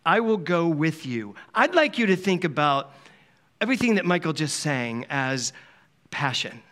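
Man, from Philadelphia, conversational sermon, fairly high-pitched, chatty storyteller who laughs a lot. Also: fairly bright tone. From Philadelphia, USA. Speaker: minister giving a Sunday talk. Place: church service hall.

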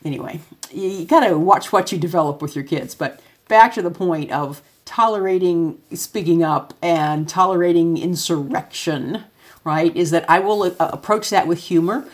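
Woman, middle-aged, low-pitched, husky, chatty anecdotal talk, parent speaking to an audience. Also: moderate pace. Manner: chatty, anecdotal, acts out her son's lines. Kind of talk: casual spoken talk with photos.

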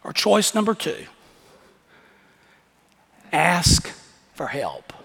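Husky high-voiced pastor preaching in a hall. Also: male voice, big pitch swings, very slow, a bit bright. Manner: impassioned, folksy storytelling preaching. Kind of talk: sermon. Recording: echoey hall reverb.

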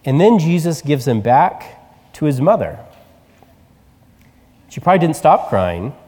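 A male pastor delivering a sermon in a conversational, animated storytelling manner. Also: a little high, in a large hall. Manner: conversational preaching, animated retelling.

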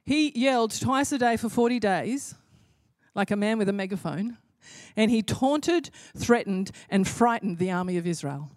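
A woman preaches with rising passion and hammers home her points through repetition. Her voice sits at a middling pitch. The sound is dry and close, with little room reverb. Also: animated, moderate pace, darkish tone. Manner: impassioned, building to emphatic repetition. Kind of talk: sermon.

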